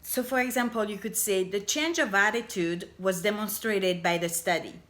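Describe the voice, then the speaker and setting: Speaking to camera in a relaxed explainer style, a middle-aged language coach delivers a lively, emphatic grammar lesson. Her mid-range voice has a fairly bright tone, and she stretches her example phrases out slowly.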